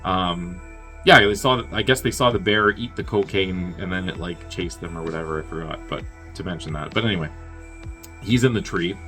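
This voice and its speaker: A man with a lowish, bright and forceful voice walks through a film's plot in a loose, rambling way. He swears freely and breaks into chuckling asides. Faint music sits behind him. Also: brisk. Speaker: movie reviewer. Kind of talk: casual plot recap.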